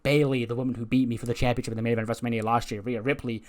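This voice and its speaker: A man's voice: mid-range voice, level tone, very fast, natural voice. A man voicing a vain, self-absorbed female wrestling star who speaks pompously and praises others backhandedly. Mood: grandiose.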